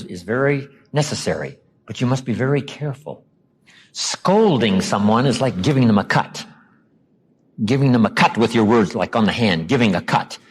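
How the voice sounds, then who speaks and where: At a motivational seminar, a man from the United States speaks with a breathy edge to his voice. He performs quoted dialogue and sinks into a low register for emphasis.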